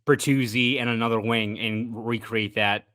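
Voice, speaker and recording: A man's voice: medium pitch, fairly even intonation, moderate pace, sharp tone, no room sound. A young man with a Boston accent co-hosting a sports podcast, thoughtful and rambling, often correcting himself mid-sentence. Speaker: sports reporter, podcast co-host. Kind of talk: casual sports podcast chat.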